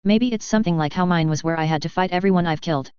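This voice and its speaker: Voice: mid-range voice, quick pace, a little mellow, clean tone, no room sound, muffled recording, close to an everyday voice. A narrator doing a cocky boastful young fighter man. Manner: mocking, boastful.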